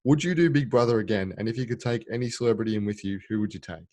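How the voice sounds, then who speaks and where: Low-voiced podcast host. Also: male voice, rapid-fire, darkish tone. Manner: friendly, reads out fan questions. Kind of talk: casual chat.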